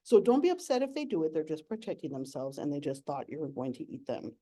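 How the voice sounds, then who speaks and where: A woman's voice: deep voice, sing-song, fast, dark tone. A young adult woman giving a playful, giggly nature talk as an educator.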